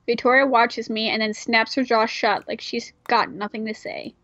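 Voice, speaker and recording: A woman reads a fan-made game aloud with casual, irreverent asides, her voice slightly higher than most. The recording sounds dull and dry. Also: fairly even intonation, normal speed, fairly bright tone, no echo. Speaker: player reading a game aloud. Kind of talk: casual read-through of a visual novel.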